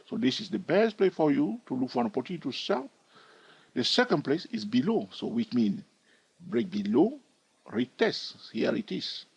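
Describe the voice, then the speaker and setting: A man walking students through a chart lesson, his voice a little husky and rising and falling a lot as he explains. He keeps stopping to check in with "all right?" The sound is dry and close, with no room echo. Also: medium pitch. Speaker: trading educator. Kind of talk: chart-walkthrough teaching.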